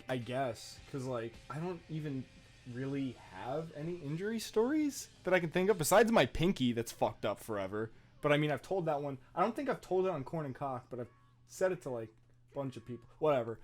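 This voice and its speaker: A man's voice: medium pitch, a little fast, faint music behind. A young man and podcast co-host, telling a story in casual chat, swearing freely and laughing as he goes. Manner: profane, laughing, animated retelling.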